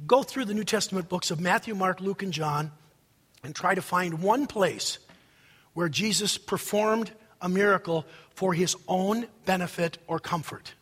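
A male pastor preaching a sermon dramatically, swinging from loud outbursts to hushed asides. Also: sits high, unhurried, slightly rough, big-room sound.

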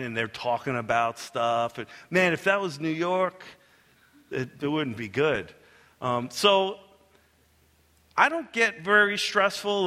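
A middle-aged man preaching with a bright, lively voice that rises and falls as he tells stories. He acts out the lines of the people in them. His voice rings through a large hall with a long reverb. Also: a little high. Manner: animated storytelling, acts out quotes. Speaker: pastor. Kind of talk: sermon with personal stories.

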